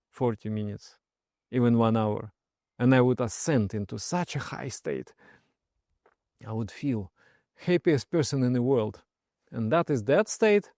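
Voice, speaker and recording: Male meditation teacher, gentle storyteller, medium pitch, dry recording. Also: no echo. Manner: soft-spoken, often trails off quietly, laughs while telling stories. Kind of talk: personal story and spiritual advice.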